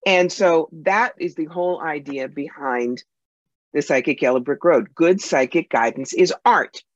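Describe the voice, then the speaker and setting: A woman's voice: low-pitched, no room sound. A woman psychic medium as a podcast guest, telling anecdotes in a punchy, emphatic way. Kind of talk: podcast interview, storytelling. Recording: dull lo-fi sound.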